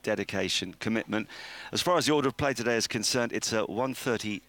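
A man with a fairly low voice hosts a sports radio show. He reads through the day's schedule at a brisk clip and keeps things light with jokes for his co-hosts. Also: fairly bright tone. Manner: brisk, jokey, reels off schedules. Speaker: radio presenter. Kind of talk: sports radio chat and preview.

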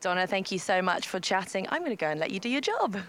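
A woman's voice: mid-range voice, sing-song, fast, fairly bright tone. A woman interviewer asking curious, conversational questions. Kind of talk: friendly interview.

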